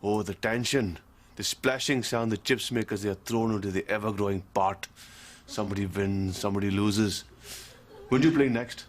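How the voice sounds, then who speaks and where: A man's voice: on the low side, normal speed, slight background noise, close to an everyday voice. An actor playing a cheeky Glaswegian shopkeeper with South Asian traces in his accent and a dry, theatrical wit, in a TV sitcom.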